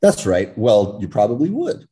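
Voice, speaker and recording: A deep-voiced American man speaks as a podcast guest, with a mellow, warm tone. He talks in a loose, casual way, full of "you know" and "right", and tells personal stories with lively energy. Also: moderate pace. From California, United States. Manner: animated storyteller, frequent fillers. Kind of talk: casual conversation.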